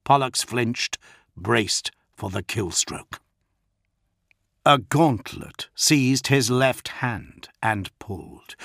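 A man giving scripted audiobook narration in a measured, dramatic storytelling manner. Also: mid-range voice, fairly bright tone, no echo, studio quality.

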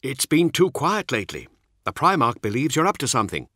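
An earnest warrior officer, as a male narrator puts him on, speaking in a lifted, brisk voice that rises clearly above the reader's usual low tone. The sound is bright and close, with no room around it. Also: big pitch swings, no room sound.

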